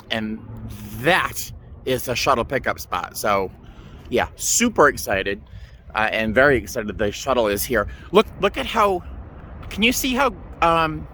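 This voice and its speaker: Chatty excitable man vlogging on a phone. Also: mid-range voice, slight background noise. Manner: chatty, excitable, self-deprecating. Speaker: flight attendant vlogger. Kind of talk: casual vlog to camera.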